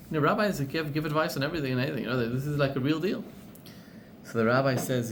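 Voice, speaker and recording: A male rabbi from Zimbabwe telling a story as part of a sermon, in an animated way that climbs to excited peaks. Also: mid-range voice, quick pace, a little hiss or hum.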